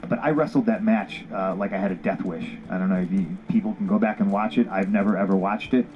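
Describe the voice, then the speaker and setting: Speaking fast with hardly any pauses, a former pro wrestler with a fairly low voice spins a casual, candid tale against background noise. He's blunt and swears plenty, playing both parts of conversations from the past.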